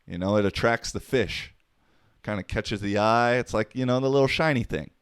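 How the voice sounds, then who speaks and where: A man's voice: lowish voice, normal speed, smooth, dry recording, studio quality. A man hosting his own podcast, talking alone in a rambling, profane, wisecracking way. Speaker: podcast host. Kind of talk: casual solo podcast monologue.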